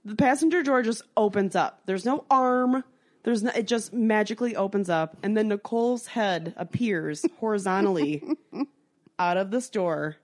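A woman co-hosting a podcast spins a rowdy night-out story in a casual chat. Her delivery is lively and profane, and she jumps into the voices of everyone in the tale. Her pitch sits right in the middle for a woman. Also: moderate pace. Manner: animated, swearing, acts out voices in her story. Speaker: podcast co-host.

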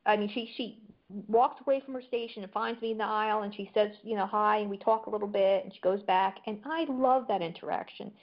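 A woman chatting casually as a guest, telling anecdotes in an easy, talkative way. Her voice sits at a middle pitch. The audio is a bit dull and lo-fi. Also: steady tone, fairly quick. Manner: chatty storyteller. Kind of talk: casual conversation.

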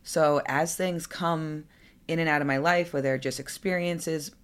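A woman's voice: low voice, steady tone, normal speed. A young adult woman hosting her own podcast, talking candidly and conversationally with fillers and asides. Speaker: podcast host. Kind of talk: solo podcast monologue.

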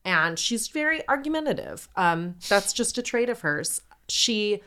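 A woman's voice: mid-range voice, very animated, measured pace, pushed and bright. A young adult woman hosting a podcast, telling a story in a casual, jokey way, heavy on fillers and swearing. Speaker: podcast co-host.

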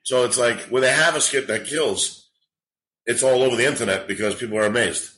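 A man's voice: mid-range voice, brisk, rough recording. A man in his forties, a comedian, telling rambling, profane stories in a casual podcast chat. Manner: rambling, profane, animated storytelling. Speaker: comedian guest.

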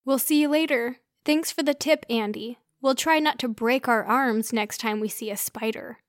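A standoffish young man with dry, snide remarks, as a woman reads him in a storybook. The pitch stays fairly high. The sound is close and dry. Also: moderate pace, dry recording, natural voice.

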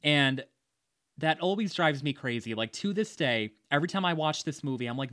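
A man's voice: on the high side, animated, fairly quick, fairly bright tone, no room sound, studio quality. A man hosting a casual movie discussion, chatty, with frequent laughs and fillers. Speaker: podcast host.

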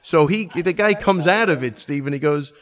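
A man's voice: fairly high pitch, moderate pace, fairly bright tone. A middle-aged man who runs a martial arts school, telling stories in a casual, rambling way full of fillers. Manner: rambling storyteller, many fillers. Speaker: martial arts gym owner. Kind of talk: casual podcast chat.

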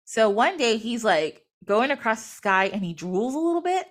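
A woman's voice: a little high, big pitch swings, moderate pace. A woman host telling an old myth in a chatty, casual way, full of fillers and little laughs. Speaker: podcast host.

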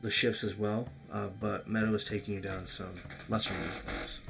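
Gravelly-voiced man running a game. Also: fairly low pitch, steady tone, a bit bright, soft background music. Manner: halting, lots of fillers. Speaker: game master. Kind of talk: narrating a tabletop game.

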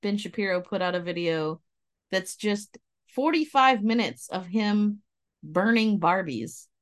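Woman making dry, quick remarks. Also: medium pitch, expressive. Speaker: podcast co-host. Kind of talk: casual movie review chat.

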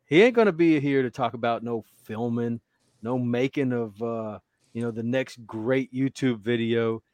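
A man's voice: mid-range voice, moderate pace, darkish tone, no echo. A man co-hosting a podcast, casual chat, telling stories in a laid-back way and swearing freely. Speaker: podcast co-host.

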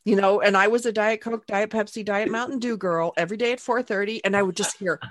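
A woman's voice: mid-range voice, quick pace, dry recording. Chatty woman with a dry, close sound. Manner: chatty, storytelling, animated anecdotes. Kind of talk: casual podcast conversation.

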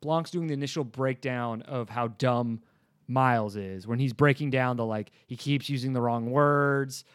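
A man hosting a casual movie review chat, talking in a relaxed, rambling way and laughing often. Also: mid-range voice, normal speed, clean tone, dry recording, clean studio sound. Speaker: podcast host.

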